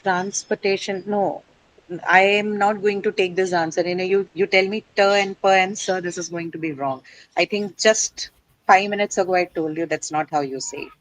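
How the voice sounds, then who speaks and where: A woman's voice: fairly low pitch, steady tone, moderate pace, no echo, low-quality recording. A woman teaching an English class, quizzing and correcting her students on word stress.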